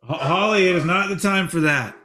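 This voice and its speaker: A man's voice: sits high, a little fast, background noise. A man in his forties hosting a podcast, telling rambling stories in casual chat, swearing and laughing often. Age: 40s. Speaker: podcast host.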